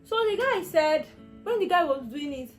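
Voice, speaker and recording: High-voiced Nigerian woman telling her story. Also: animated, normal speed, faint music behind. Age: young adult. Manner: emotional, rambling storytelling with many restarts. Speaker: vlogger. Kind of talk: personal health story told to camera.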